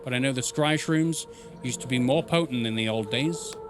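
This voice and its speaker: A man voicing an old male witch quest-giver in a video game, with a lowered, storytelling delivery. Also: moderate pace, natural voice. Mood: ominous. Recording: game music playing behind.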